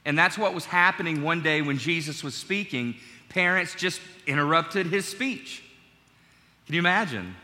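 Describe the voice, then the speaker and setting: A man's voice: a little high, normal speed, bright, forceful tone. A middle-aged man preaching a sermon as pastor, in a conversational, joking way with his congregation, in a large church. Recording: long church hall reverb.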